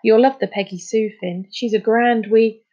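A woman's voice: on the high side, fairly even intonation, normal speed, dark tone, lo-fi sound, lightly acted. A woman reading a storybook, voicing a blunt, cocky young boy who is proud of his boat. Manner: blunt, boastful.

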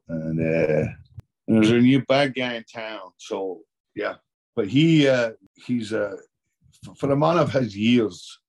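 A Scottish actor, appearing as a guest in a casual interview, chats in a deep, slightly mellow voice. He rambles and often restarts his sentences.

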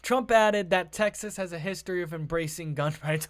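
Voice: mid-range voice, moderate pace. A political commentator reading news items aloud and ranting about them in a sarcastic, profane way.

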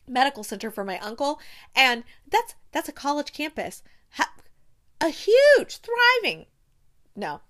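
A woman hosting a casual movie recap, chatty and animated, with exaggerated outbursts. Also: a little high. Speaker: movie review host.

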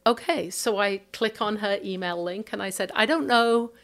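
A woman's voice: mid-range voice, moderate pace, fairly bright tone. A woman with a British accent, a theater company director telling a story in a casual interview and acting out emails and conversations. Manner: chatty storyteller, acts out emails and dialogue.

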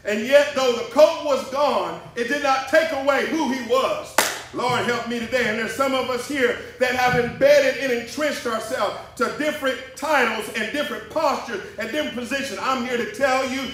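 A man preaching a sermon as pastor, with rhythmic call-and-response phrasing that rises to shouts, in a church sanctuary. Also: very high-pitched, moderate pace, slight background noise. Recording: echoey church hall, mic at a distance. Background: congregation responding.

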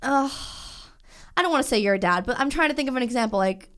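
A woman's voice: sits high, lively intonation, quick pace, fairly bright tone. A woman in her twenties co-hosting a casual chat show, rambling and full of restarts.

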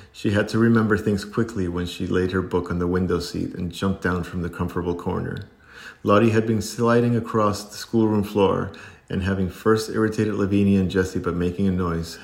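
Deep-voiced man reading a storybook. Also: vocal fry. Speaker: audiobook narrator. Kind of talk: storybook narration.

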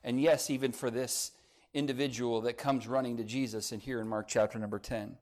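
A man preaching a sermon, rising to emphatic peaks and dropping to quiet, soft passages, and reading scripture aloud. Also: medium pitch, fairly even intonation, brisk. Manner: reads scripture in old-style phrasing. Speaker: pastor.

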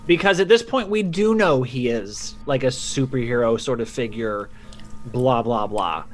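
A man's voice: mid-range voice, normal speed. A man co-hosting a podcast, dropping in wry quips during casual chat. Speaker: podcast co-host.

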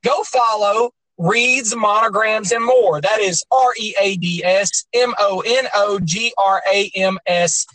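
A man's voice: sits high, measured pace, few pauses, fairly bright tone, no echo, low-quality recording. A man co-hosting a podcast, telling stories in rambling, profane casual chat with lots of fillers. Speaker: podcast co-host.

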